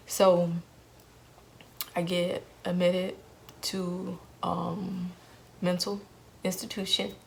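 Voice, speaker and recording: A woman's voice: fairly low pitch, creaky, fairly bright tone, a little hiss or hum. A young woman vlogger telling a painful personal story in an earnest way, repeating phrases for emphasis.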